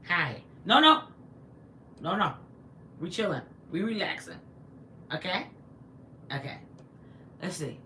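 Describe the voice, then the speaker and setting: A woman's voice: lowish voice, takes it slowly, pauses often. A woman hosting a casual livestream from inside her house, chatting with viewers and reading their comments aloud. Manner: chatty and animated, talks back to viewers and her pet. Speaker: livestream host.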